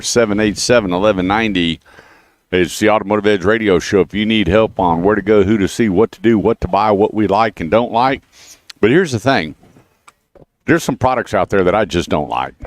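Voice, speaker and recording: A man's voice: fairly low pitch, no room sound. A man hosting a radio show, chatting casually and telling stories between plugs. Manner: chatty storyteller, repeats the phone number. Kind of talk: casual radio chat with car dealer plugs. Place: radio studio.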